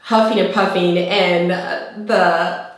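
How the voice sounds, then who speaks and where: A young woman chats to her camera, telling a story in an easy, animated way. She jumps high in pitch when she mimics what people said. Her voice rings out in a very echoey room. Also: takes it slowly. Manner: chatty and animated, acting out quoted lines in a high voice. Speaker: vlogger.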